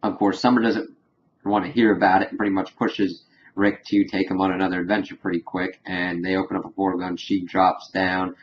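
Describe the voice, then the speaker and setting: Man, casual episode recap, rambling with lots of fillers, lowish voice, muffled lo-fi sound. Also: little pitch movement. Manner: rambling, filler-heavy retelling with quick acted quotes. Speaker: reviewer. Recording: dull lo-fi home recording with faint hiss.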